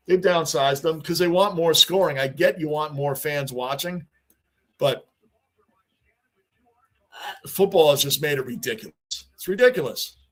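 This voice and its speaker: A man's voice: a little high, a little slow, long pauses. A middle-aged man, hosting a casual livestream, talking on and answering chat, often repeating himself. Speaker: livestream host.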